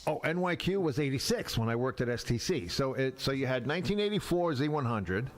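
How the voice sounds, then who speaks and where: A man's voice: a little fast, a little hiss or hum. A man from Brooklyn, telling radio stories in a casual podcast chat and acting out the people he quotes. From Brooklyn, New York. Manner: animated, acts out quoted people with big pitch jumps. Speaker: radio veteran on a podcast panel.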